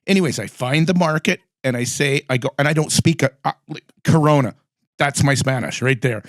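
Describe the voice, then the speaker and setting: A man hosting a casual chat, telling animated anecdotes and acting out the lines he quotes. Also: mid-range voice, a little fast, dry recording, clean studio sound. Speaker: podcast host.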